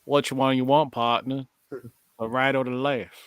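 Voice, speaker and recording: Drawling cowboy gunslinger, as a man puts him on, gruff, slow, dry close sound. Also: mid-range voice, flat delivery, dry recording, lightly acted. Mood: drawling, menacing.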